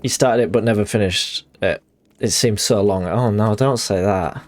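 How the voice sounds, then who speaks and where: Brief: young guy, game streamer, somewhat low voice, rambly anecdotes that act out quotes. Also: moderate pace, dry recording. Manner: rambling storyteller, acts out quotes. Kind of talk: casual chat while gaming.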